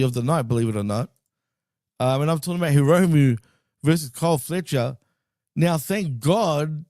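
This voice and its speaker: A man co-hosting a wrestling podcast in a loose, excitable way, throwing in dude and bro and the odd swear. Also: fairly high pitch, no room sound, studio quality. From Greek heritage. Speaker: podcast co-host. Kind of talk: casual wrestling chat.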